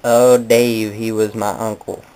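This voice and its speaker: A man's voice: on the low side, level tone, unhurried, warm tone, low-quality recording. A man telling a rambling comedic monologue, meandering and correcting himself in a mock-nostalgic way. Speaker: comedic storyteller.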